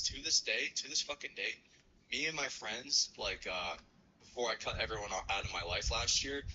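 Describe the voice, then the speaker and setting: Rambling bright-voiced man telling stories. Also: fairly low pitch, brisk, lo-fi sound, a little hiss or hum. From New York City. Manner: rambling, profane, lots of fillers. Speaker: streamer host. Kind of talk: casual storytelling on a stream.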